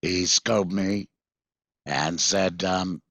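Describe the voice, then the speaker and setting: Husky, very low-voiced man telling his story. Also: steady tone, a bit bright, no echo. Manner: halting, many fillers and restarts. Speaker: guest, patient mentor. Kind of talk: recounting a personal story in conversation.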